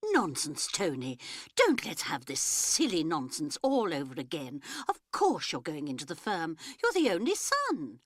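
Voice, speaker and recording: A woman's voice: low-pitched, wildly swooping pitch, measured pace, no echo, clean studio sound, heavily acted. A woman voicing a prim, self-righteous middle-aged mother who scolds her children. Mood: scolding.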